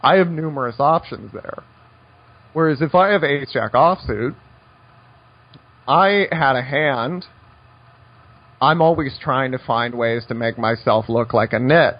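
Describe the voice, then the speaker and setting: A man's voice: mid-range voice, unhurried, long pauses, breathy edge, muffled recording. A man teaching poker strategy in a conversational way, telling stories with dry, wry asides. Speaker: poker coach. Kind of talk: instructional poker talk.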